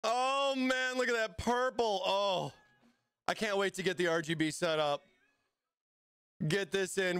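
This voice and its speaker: A man hosting a casual livestream, excitable and hyped, talking straight to his chat. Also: sits high, slow pace, creaky, clean tone, no echo. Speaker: livestream host.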